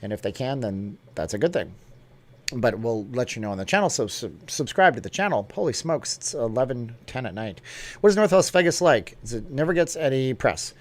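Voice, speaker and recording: A man's voice: mid-range voice, lively intonation, brisk. A middle-aged American man hosting a casual live stream from a studio, chatty and upbeat as he answers viewers.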